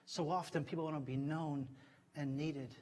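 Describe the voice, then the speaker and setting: Middle-aged man, guest preacher, higher voice, heartfelt, loud then hushed. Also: fairly even intonation, normal speed. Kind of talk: sermon. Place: church sanctuary.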